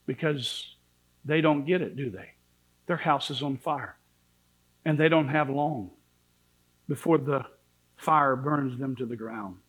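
A man preaching a sermon in a church, impassioned, swinging between shouted warnings and low pleading. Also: takes it slowly, long pauses, breathy edge, poor audio.

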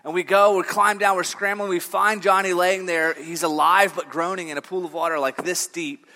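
Man, pastor, sermon, conversational storytelling, bright high voice, long hall reverb. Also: fairly even intonation, moderate pace. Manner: conversational storytelling with frequent fillers and restarts. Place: church sanctuary.

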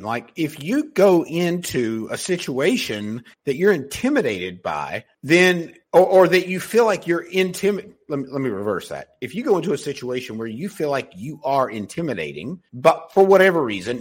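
A man's voice: mid-range voice, breathy edge. A man hosting a podcast and coaching on sales, talking loosely with frequent swearing and many restarts. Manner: loose, profane, many restarts and self-corrections. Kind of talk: casual motivational talk.

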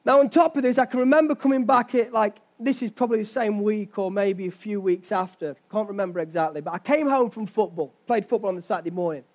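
A young pastor preaches a sermon in a conversational storytelling style, throwing rhetorical questions at his listeners. His voice is high-pitched, and he talks fast with few pauses.

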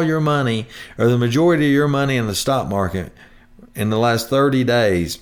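A man's voice: mid-range voice, moderate pace. Folksy man hosting a show. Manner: chatty, homespun, rambling with restarts. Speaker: retirement planning show host. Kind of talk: folksy radio talk.

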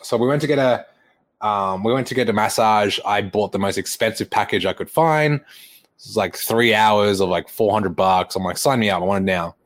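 A man's voice: lowish voice, normal speed. A young man, a fitness coach, casually retelling a story and acting out the lines of the people in it, with frequent laughs. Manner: animated retelling, acts out quoted dialogue, laughs often.

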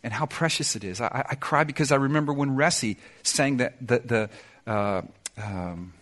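Bright-voiced preacher, loud then hushed. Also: male voice, medium pitch, moderate pace. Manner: emphatic preacher, swings from loud to soft and confiding; sings song lyrics in snatches. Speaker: pastor. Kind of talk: sermon.

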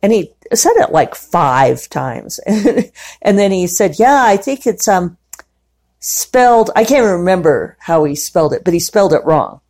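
A woman talking casually about her day in a chatty, rambling way, quick to laugh, from her living room at home. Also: lowish voice, expressive, a little mellow. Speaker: podcaster. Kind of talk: casual diary-style monologue.

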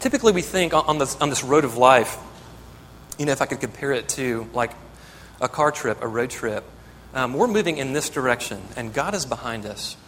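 A man's voice: mid-range voice, lively intonation, a little fast, fairly bright tone, long reverb tail, slight background noise. A man preaching a sermon as pastor, earnest and building to emphatic exhortation.

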